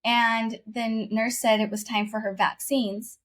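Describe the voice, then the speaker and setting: A woman's voice: a little high, flat delivery, a little slow. Earnest woman telling a personal story. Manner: earnest, repeats phrases, emotional storytelling. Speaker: guest. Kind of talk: personal testimony in conversation.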